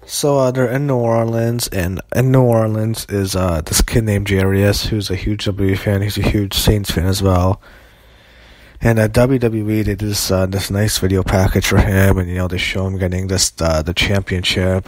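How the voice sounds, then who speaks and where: A man's voice: on the low side, no room sound. A young man reviewing a wrestling show in an opinionated, rambling, foul-mouthed way, often restarting his sentences. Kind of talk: casual solo review.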